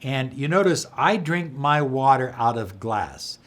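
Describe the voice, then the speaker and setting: A middle-aged man speaks slowly and earnestly in a motivational self-help talk. His pitch moves a great deal, rising and sinking as he coaches, and he sometimes falls to a soft whisper. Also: animated. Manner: slow, earnest, drops to a soft whisper for affirmations. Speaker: law of attraction teacher.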